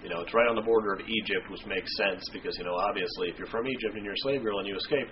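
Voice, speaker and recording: A man's voice: lowish voice, rapid-fire, noisy background. A man reading a Bible passage and then explaining it in an irreverent, joking, slangy way. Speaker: Bible study video host. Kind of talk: scripture reading and casual explanation. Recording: dull lo-fi home recording.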